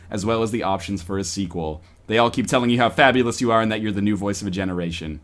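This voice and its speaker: A man's voice: on the low side, quick pace, few pauses. A man hosting a casual podcast, reading a choose-your-own-adventure story aloud to friends in a playful, mock-dramatic way. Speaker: podcast host.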